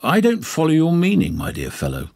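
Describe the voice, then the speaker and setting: A man's voice: medium pitch, big pitch swings, normal speed, creaky, slightly rough, pitched above the performer's own voice, full character voice. A man voicing Sherlock Holmes, jovial and proper. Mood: indignant. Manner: jovial, gentlemanly, indignant. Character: older retired male detective, jovial and proper.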